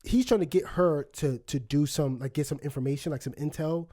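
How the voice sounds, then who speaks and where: A man co-hosting a podcast, telling a story in a casual, animated way with many fillers and laughs. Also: a little high, brisk. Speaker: podcast co-host. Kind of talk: casual chat. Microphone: studio microphone.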